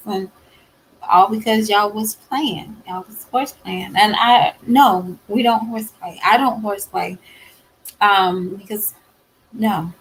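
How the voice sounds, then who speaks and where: Woman vlogger, husky and unhurried, blunt and emphatic, chatty to camera. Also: mid-range voice, fairly even intonation, rough recording. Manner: emphatic and blunt, with repeated refusals; conversational with many fillers. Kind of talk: candid talk to camera.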